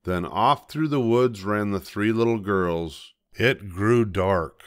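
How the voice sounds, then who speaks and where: An older man reading a children's story aloud as storyteller, gentle and measured. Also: on the low side.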